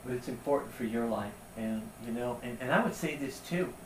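A man preaching a sermon in a conversational, animated storytelling way. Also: medium pitch, fairly quick, slight background noise. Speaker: pastor. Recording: roomy sound from a distance.

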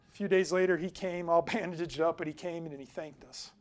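A man preaching a sermon in a casual, conversational way, telling a personal story and swinging between loud emphasis and quiet asides. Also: fairly high pitch, fairly even intonation, a little fast. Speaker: pastor.

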